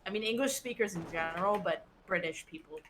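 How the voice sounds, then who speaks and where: A woman's voice: lowish voice, fast, background noise. A woman from the West Coast telling stories in casual chat while gaming, with lots of "like". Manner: chatty storytelling, lots of "like". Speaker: streamer.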